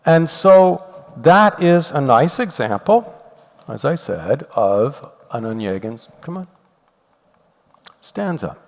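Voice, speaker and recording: Older male lecturer, lively pitch, gravelly edge, long hall reverb. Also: slow, pauses often. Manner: animated, explains step by step, reads poetry aloud. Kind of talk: university lecture.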